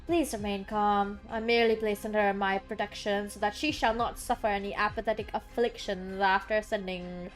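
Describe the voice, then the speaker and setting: A woman voicing an ancient cosmic watcher, reading game lines in a grand, slow, formal manner. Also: mid-range voice, fairly even intonation, soft background music, natural voice. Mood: solemn. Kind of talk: reading game dialogue aloud.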